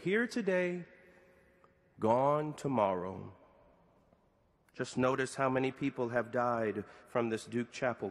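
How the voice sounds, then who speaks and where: A middle-aged man preaching a sermon framed as a prayer to God, with slow deliberate pauses and rising questions. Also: mid-range voice, in a large hall.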